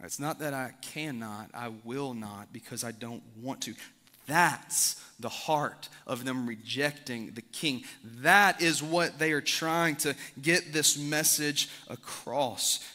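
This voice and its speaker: A man preaching a sermon as pastor, swinging from loud emphatic highs to quiet low drops. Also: slow, in a large hall. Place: large church sanctuary.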